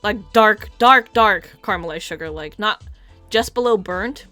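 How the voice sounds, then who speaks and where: A woman's voice: medium pitch, a little slow, pushed and bright, no room sound, faint music behind. A young woman streaming a game, chatting casually and animatedly, swearing now and then.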